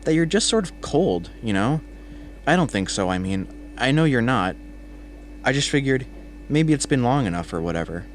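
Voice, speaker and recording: A man's voice: mid-range voice, very animated, moderate pace, a little hiss or hum, pitched above the performer's own voice, natural voice. A man voicing a teasing, chatty male coworker with an Austrian accent. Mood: coaxing.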